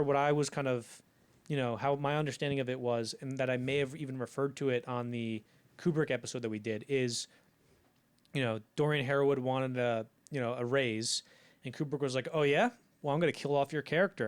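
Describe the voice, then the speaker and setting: This young male podcast co-host has a mid-range, darkish voice. On a casual film-history show, he rambles from anecdote to anecdote, impersonating the people involved as he quotes them.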